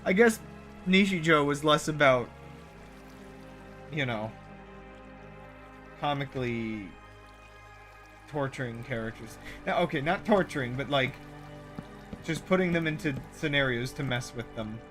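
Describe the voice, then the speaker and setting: A man's voice: mid-range voice, animated, measured pace, long pauses, a bit bright, faint music behind. A man streaming and chatting casually while tired, his voice crackly as he rambles with many fillers.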